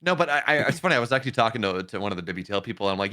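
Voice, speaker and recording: A man's voice: lowish voice, lively intonation, very fast, hardly any pauses, bright, forceful tone. A man in a casual esports chat, arguing with incredulous sarcasm.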